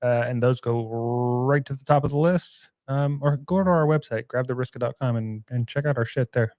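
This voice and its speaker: A man hosting a barbecue podcast in relaxed casual chat, reading out listener posts. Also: medium pitch, a little fast, no room sound. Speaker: podcast co-host.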